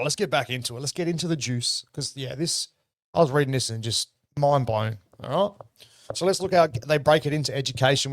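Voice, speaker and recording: An Australian man hosting a livestream, talking in a rambling, excitable and profane way. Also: medium pitch, no echo, studio quality. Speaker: livestream host. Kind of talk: casual livestream commentary.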